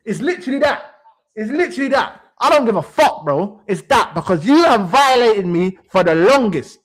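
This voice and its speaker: Heated high-voiced man ranting. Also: normal speed. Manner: animated, swearing, repeats phrases for emphasis. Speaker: sports stream host. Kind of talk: heated football rant.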